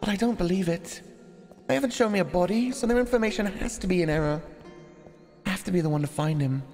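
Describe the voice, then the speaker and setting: A man's voice: high voice, quick pace, a little mellow, in a large hall, soft background music, pitched above the performer's own voice. A man voicing a determined young woman who searches for her lost lover, reading a visual novel aloud. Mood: resolute.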